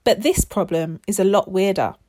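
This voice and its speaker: A woman's voice: mid-range voice, moderate pace, mellow, lightly acted. A woman voicing an earnest female scientist who explains things in a children's story. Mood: explaining. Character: woman scientist running a control room.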